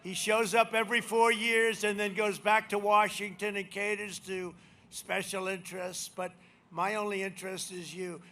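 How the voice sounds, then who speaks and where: A man giving a campaign rally speech as president, boastful and rambling, repeating himself and swinging from shouts to muttered asides. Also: high voice, noisy background. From United States. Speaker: president speaking as a candidate. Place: rally venue.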